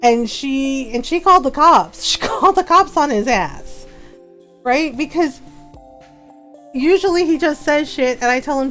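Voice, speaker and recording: A woman's voice: high voice, lively intonation, unhurried, fairly bright tone, faint music behind. A woman hosting a livestream, talking in a heated, emphatic way and repeating her points. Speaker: livestream gamer host. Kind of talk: casual livestream chat.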